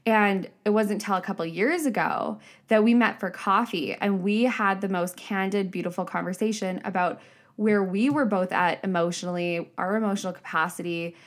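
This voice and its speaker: A young woman hosting a solo podcast, talking candidly and casually, with swearing and fillers, lively when she quotes herself. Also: mid-range voice. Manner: animated, shifting pace, upward bursts when quoting herself. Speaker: podcast host. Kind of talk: reflective solo podcast monologue.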